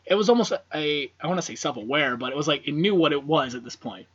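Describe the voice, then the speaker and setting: A man talking in a loose, meandering way, full of "like" and "um", with frequent curse words. His voice sits a bit high for a man. The recording sounds muffled and lo-fi, like a home podcast setup. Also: animated, fast talker, slightly rough. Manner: rambling, profane, many fillers. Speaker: podcast co-host. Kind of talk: casual film discussion. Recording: dull lo-fi podcast audio.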